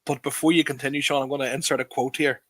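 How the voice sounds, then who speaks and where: A man's voice: mid-range voice, level tone, quick pace, no room sound. Laid-back Northern Irish man, dry sound. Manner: laid-back, laughs often, repeats words. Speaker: podcast co-host, comedian. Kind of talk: casual chat.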